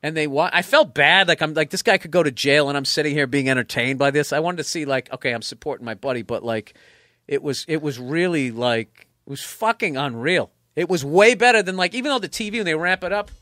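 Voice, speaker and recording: A man tells a story in casual podcast chat. He is profane and animated, dropping to low mumbles and then bursting out excited. The room sounds dry and close. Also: fairly quick, dry recording. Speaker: comedian guest.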